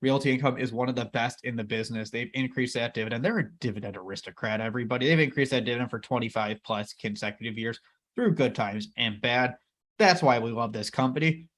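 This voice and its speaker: Fast and slightly bright, his mid-range voice belongs to a co-host of a casual investing show. He talks straight to the audience with real enthusiasm, greeting them as "everybody."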